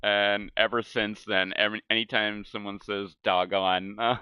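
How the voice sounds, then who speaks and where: This middle-aged American streams a game from his home setup, rambling through casual talk, swearing and laughing at his own stories. His lowish voice is smooth and flat at a moderate pace, recorded with no room sound and the highs cut off.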